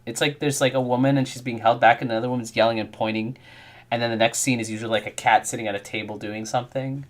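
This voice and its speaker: A man's voice: mid-range voice, fast. Chatty man telling stories while coding. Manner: animated storyteller who acts out quotes. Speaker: game developer streaming his work. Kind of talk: casual chat while coding.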